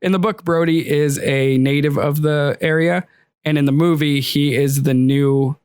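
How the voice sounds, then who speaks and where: A man hosts a casual podcast, walking through a film's plot scene by scene and laughing easily. His voice sits a little high. The sound is dry and close, with no room echo. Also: fairly even intonation, a little mellow, clear, resonant tone. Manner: recaps the film plot, quick to laugh. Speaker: podcast host.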